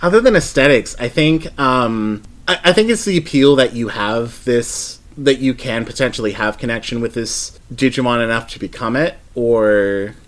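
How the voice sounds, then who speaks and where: A man's voice: mid-range voice, normal speed, few pauses. Rambling man in his thirties, podcast guest. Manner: rambling, with frequent restarts and hedging asides. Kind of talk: casual chat.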